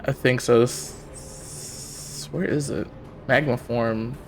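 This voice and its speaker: A man's voice: medium pitch, fairly even intonation, slow, soft background music. A man playing in a tabletop game, giving brief replies and checking his rules. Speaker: player. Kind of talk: casual game chat.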